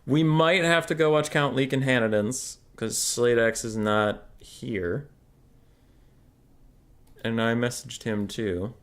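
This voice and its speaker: A man's voice: medium pitch, takes it slowly, fairly bright tone. Chatty young man casting a game tournament. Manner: chatty, answers chat questions aloud. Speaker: tournament caster and streamer. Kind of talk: casual livestream game commentary.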